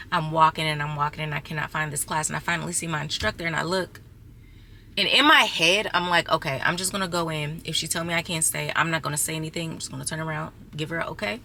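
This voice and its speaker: A woman's voice: low voice, steady tone, quick pace, vocal fry, bright, forceful tone, slight background noise. A young adult woman vlogging casually to her viewers, chatty and exasperated as she talks to them as y'all. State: six months pregnant. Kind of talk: casual storytelling vlog.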